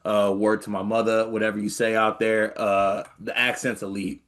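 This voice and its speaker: A man's voice: on the low side, flat delivery, normal speed, a bit bright. A man from Michigan hosting a sports podcast in joking, laid-back banter. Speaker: podcast host. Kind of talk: casual sports podcast chat.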